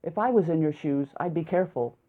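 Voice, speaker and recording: A woman reading the lines of a calm male village doctor who asks measured questions, in an audiobook. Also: deep voice. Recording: tinny phone-like sound.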